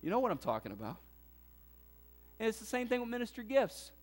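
A middle-aged man pastor preaching a sermon, talking conversationally and then breaking into sudden loud bursts. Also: sits high, very animated, fairly quick, pauses often.

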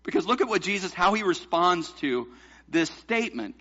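A man's voice: high-pitched, sing-song, normal speed, bright, forceful tone, breathy edge, highs cut off. A man preaching a sermon, pressing points home with rhetorical questions to the congregation. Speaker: pastor.

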